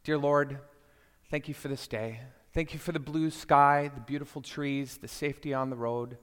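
A man voicing his older brother, a calm adult man who talks matter-of-factly. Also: mid-range voice, normal speed, smooth, long reverb tail, close to an everyday voice. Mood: prayerful.

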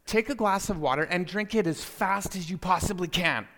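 A man voicing his older brother, a calm adult man who talks matter-of-factly. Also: high voice, moderate pace, in a large hall. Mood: confident.

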